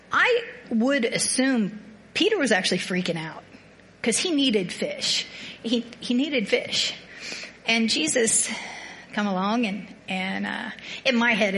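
In a small group, a woman shares a personal faith reflection casually, rambling and poking fun at herself as she tells an animated story. Her voice is on the high side and a bit bright.

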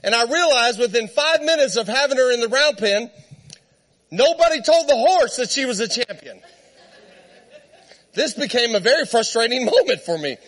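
A man preacher with a notably high voice, telling a long personal story in a loose, conversational way. He laughs often as he goes and keeps turning to the congregation with little asides. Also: normal speed. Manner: lively, laughing, conversational, talks to the crowd. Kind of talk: storytelling sermon.

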